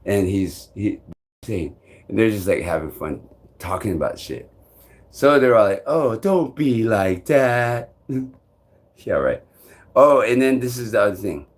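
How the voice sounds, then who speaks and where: A man vlogging on a live stream. He rambles restlessly and swears often, jumping between loud outbursts and low mutters. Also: lively intonation, moderate pace, slightly rough.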